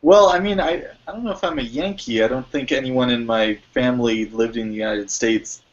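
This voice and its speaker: A man in a casual podcast chat, speaking haltingly with stammered starts. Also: mid-range voice. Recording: muffled lo-fi mic.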